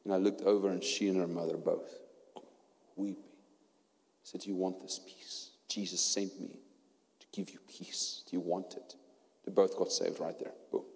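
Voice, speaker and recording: A man with a South African accent preaching a sermon and telling his story, going from hushed tones to loud preaching. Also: low-pitched, flat delivery, normal speed, gravelly, pauses often. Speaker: pastor. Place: church hall. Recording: long hall reverb.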